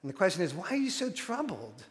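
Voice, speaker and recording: A man's voice: sits high, wildly swooping pitch, fast talker. A man preaching a sermon as a pastor, telling stories animatedly with frequent restarts. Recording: long hall reverb.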